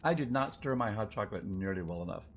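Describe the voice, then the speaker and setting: A man's voice: lowish voice, lively intonation, fast. Guy streaming a game live, rambly and chatty, voice bounces all over, bit of faint hiss. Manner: chatty, rambling, thinks aloud. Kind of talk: live gameplay commentary.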